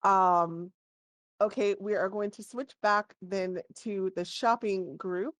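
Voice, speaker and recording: A woman's voice: mid-range voice, fairly even intonation, slow pace, dry recording. A woman running a tabletop game as dungeon master, thinking aloud as she describes the scene.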